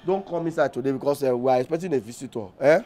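A young man with a Nigerian accent doing an excitable, pleading, scolding comedy sketch role. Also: medium pitch, racing. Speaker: comic actor. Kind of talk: comedy sketch acting in Pidgin and English.

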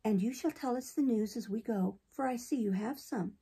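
A woman's voice: a little high, normal speed, warm tone, husky. A woman reading a friendly, gracious young lady.

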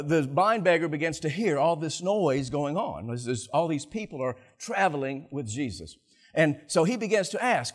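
A male pastor preaching a sermon, telling stories with animated delivery and acting out scenes, often repeating words. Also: on the high side, breathy edge.

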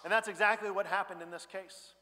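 A male pastor preaching a sermon in a conversational way, dropping quiet and then rising loud. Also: high-pitched, steady tone, fairly quick. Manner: conversational preaching, swings between hushed and loud. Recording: church hall reverb.

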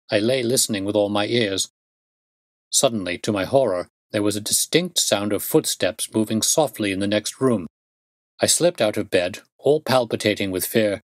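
A man reading a classic detective story aloud in a measured, steady narration. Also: lowish voice, no room sound. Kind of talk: audiobook narration.

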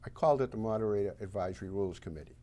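A man's voice: lowish voice, very fast, mellow. A man with a Boston accent, a town moderator candidate on a local talk show, laying out his points emphatically and with confidence. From Massachusetts. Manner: emphatic, list-making, self-assured.

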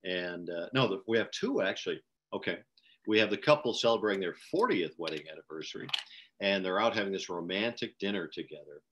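A man's voice: sits low, animated, brisk, muffled recording, noisy background. An older man emceeing a virtual gala, telling wry jokes in easy banter over a video call. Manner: wry joke-teller. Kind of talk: joking banter.

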